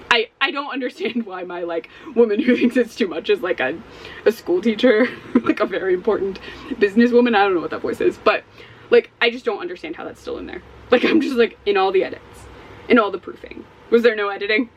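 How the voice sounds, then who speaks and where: A woman giving a casual spoken book review as a vlogger, animated and exasperated, swearing often. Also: a little high, brisk, poor audio.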